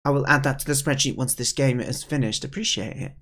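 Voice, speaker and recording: A man's voice: medium pitch, fast, fairly bright tone. Playful man streaming game commentary. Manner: playful, laughs at his own jokes. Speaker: streamer playing game jam entries. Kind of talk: casual commentary.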